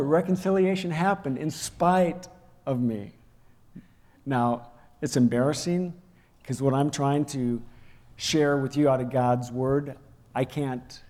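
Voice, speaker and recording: Man preaching in a reverberant hall. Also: medium pitch. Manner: storytelling, acts out quoted shouting. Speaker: pastor. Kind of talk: sermon.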